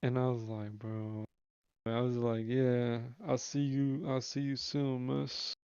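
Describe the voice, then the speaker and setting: A young man tells a rambling story on a live stream, his voice gravelly yet smooth and resonant, held in a flat, even tone. He talks in slang, swears freely and restarts his sentences. The sound is dry and a little dull. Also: medium pitch, slow, dry recording. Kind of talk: casual storytelling on a livestream.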